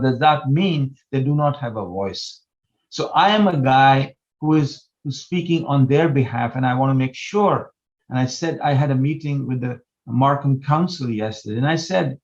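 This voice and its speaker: A man's voice: mid-range voice, expressive, moderate pace, dull audio. An older man speaking as a guest in a panel discussion, impassioned and emphatic, asking rhetorical questions over a video call. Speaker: guest, disability housing advocate.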